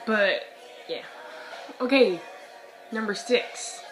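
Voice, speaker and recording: Young woman, hoarse from illness, rambling book chat, slow unhurried delivery, faint music behind. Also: medium pitch. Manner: chatty, rambling, dramatic outbursts, giggly. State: hoarse, losing her voice from illness. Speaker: book vlogger. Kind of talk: casual chat. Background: soft music.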